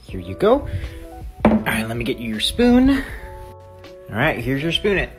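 A young man in his late teens, playfully talking to his toy trucks and calling their game like an excitable sports commentator. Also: medium pitch, takes it slowly, loud music behind the voice. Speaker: video creator. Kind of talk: comic skit with mock sports commentary.

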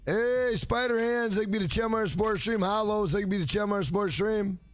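A man's voice: sits high, moderate pace, soft background music. A man around forty, streaming a game live, hyping up and thanking his chat in a casual, profane way. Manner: hyped, profane, reads out viewer names.

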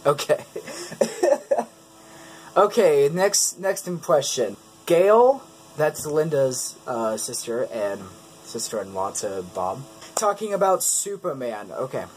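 Casual self-mocking video host. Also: male voice, a little high, big pitch swings, slow, a little mellow, a little hiss or hum, low-quality recording. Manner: self-deprecating, chuckling between takes. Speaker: YouTube host.

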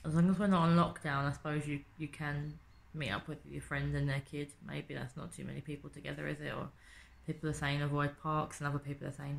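An Englishwoman records a video diary at her city home, chatting casually, swearing a lot and posing rhetorical questions. Her voice is low and gravelly, with a flat delivery, a fast pace and few pauses.

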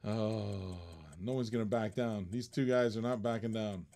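A man's voice: fairly low pitch, steady tone, normal speed, dark tone. Chatty man hosting a live auction. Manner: chatty, laughs often, teasing the bidders. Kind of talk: casual live-stream auction chat.

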